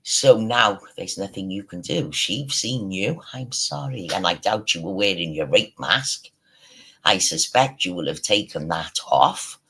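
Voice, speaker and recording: A man's voice: low voice, lively intonation, unhurried, sharp tone, breathy edge, low-quality recording. A man giving a sweary, mocking ranting commentary on his stream, scornful of the people he talks about.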